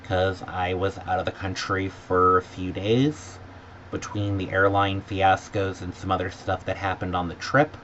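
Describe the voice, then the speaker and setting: A man in a vlog ranting sarcastically about a bad trip, sometimes mimicking staff in a higher voice. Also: little pitch movement, measured pace, a bit bright. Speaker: vlogger. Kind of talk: exasperated travel rant. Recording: dull lo-fi audio with faint background noise.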